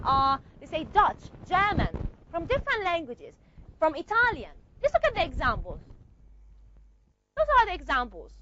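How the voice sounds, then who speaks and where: A woman teaching a classroom lesson, explaining step by step and often checking understanding with quick questions. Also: very high-pitched, fairly bright tone, no room sound, highs cut off. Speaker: language teacher. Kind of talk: classroom lecture.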